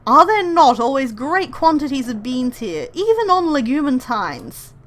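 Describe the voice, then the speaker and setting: A woman's voice: sits high, big pitch swings, a little slow, fairly bright tone, heavily acted. A woman reading the lines of an earnest, exasperated young heroine in a game.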